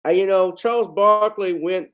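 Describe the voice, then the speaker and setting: Male livestream host, fairly high voice, blunt, indignant, foul-mouthed. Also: moderate pace, a bit bright. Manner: indignant and blunt, swears freely. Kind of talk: heated commentary.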